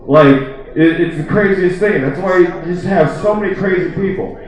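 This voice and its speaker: A man's voice: sits high, normal speed. A man doing a stand-up comedy set, telling a rambling, profane story packed with "like.". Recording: echoey, distant, dull lo-fi room recording.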